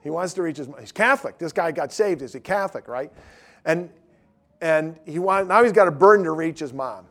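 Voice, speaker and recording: Swinging from booming emphasis to low mumbles, a middle-aged man briskly and expressively tells stories in relaxed conversation.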